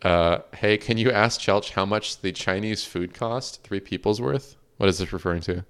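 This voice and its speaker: A man's voice: lowish voice, moderate pace, a bit bright, smooth. A man hosting a livestreamed podcast in casual chat, reading out viewer questions and laughing often. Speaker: podcast host.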